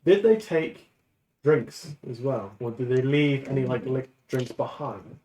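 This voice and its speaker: A man's voice: medium pitch, expressive, unhurried, mellow, roomy sound, a little hiss or hum, poor audio. A man playing a tabletop role-playing game, asking curious, probing questions. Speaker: player.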